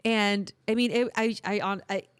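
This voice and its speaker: A woman's voice: medium pitch, normal speed, clear, resonant tone, no echo. A woman in her thirties co-hosting a podcast, telling a story in casual chat with lots of laughter and acted-out quotes. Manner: animated, laughs often, acts out quotes. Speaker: podcast co-host.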